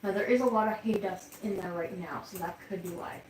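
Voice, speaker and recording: Her medium-pitched voice is a little fast and a little mellow, recorded in low quality with reverb and slight background noise. She's a livestream host with the hiccups, chatting with viewers, reading their comments out loud, and addressing her pets.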